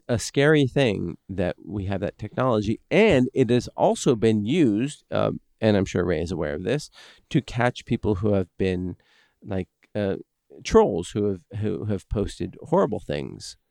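Animated podcast co-host, rambling man. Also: lowish voice, measured pace, vocal fry, dry recording, clean studio sound. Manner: animated, rambling with many restarts. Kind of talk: casual chat.

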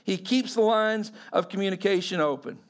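A pastor giving a sermon in a conversational way, often quizzing the congregation. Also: male voice, high voice, moderate pace.

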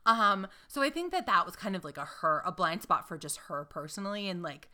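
A young woman from North Carolina co-hosts a casual podcast. She rambles and restarts her sentences, filling gaps with "like" and "um". Her voice is very bright and forward. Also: on the low side, very animated, brisk. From Greensboro, North Carolina. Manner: chatty, rambling, lots of fillers and restarts. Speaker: podcast co-host. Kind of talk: casual chat.

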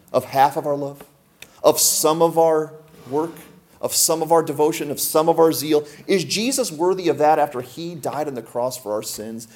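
A man's voice: mid-range voice, darkish tone. A man preaching a sermon to a congregation, emphatic and full of rhetorical questions. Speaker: pastor.

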